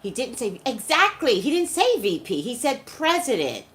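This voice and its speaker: A woman's voice: high-pitched, big pitch swings, moderate pace, very noisy. A woman, a psychic reader, talking emphatically straight to her viewers in casual live-stream commentary.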